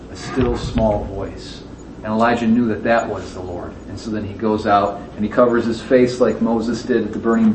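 Leading a Bible class, this man keeps things conversational, putting questions to his listeners and dramatizing the quoted lines. His voice is mid-range and darkish, and the recording has room echo, a distant mic, and faint background noise.

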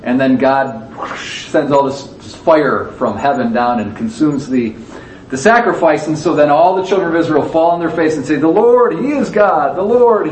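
Man teaching a Bible class in an echoey room. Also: on the high side. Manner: conversational, asks the audience questions, acts out quotes. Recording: echoey room, distant mic, faint background noise.

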